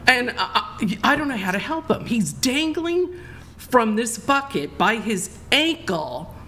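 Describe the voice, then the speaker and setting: A woman guest on a live talk show, telling a long story in an excitable, rambling way, restarting her sentences. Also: a little high, takes it slowly, a little hiss or hum.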